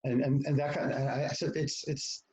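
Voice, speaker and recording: A podcast guest with a medium-pitched, darkish voice speaks a little fast and with little pitch movement as he frankly tells a personal story laced with profanity. He acts out what people said and pokes fun at himself, and the poor audio sounds like an echoey room.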